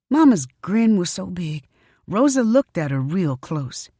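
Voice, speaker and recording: Woman, audiobook narration, low voice, dry close sound, expressive storytelling. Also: a little slow, slightly rough, no room sound. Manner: expressive first-person storytelling.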